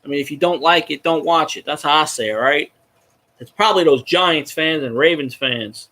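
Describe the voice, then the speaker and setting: On a casual livestream, a male fan vlogger addresses viewers in the chat, rambling and profane. His pitch sits on the high side, with a moderate pace and a pushed, bright sound.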